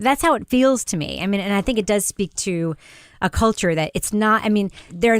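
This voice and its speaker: A woman's voice: fairly low pitch, clean tone, no room sound, clean studio sound. A woman hosting a podcast, chatting casually and leading the discussion. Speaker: podcast host. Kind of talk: casual chat.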